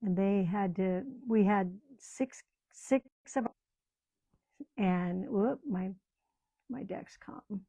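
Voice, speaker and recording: A woman's voice: mid-range voice, extremely slow, long pauses, dark tone, low-quality recording. An older woman chatting casually as she crafts at home, rambling and often trailing off mid-sentence. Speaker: crafting channel host. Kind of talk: casual chat while crafting.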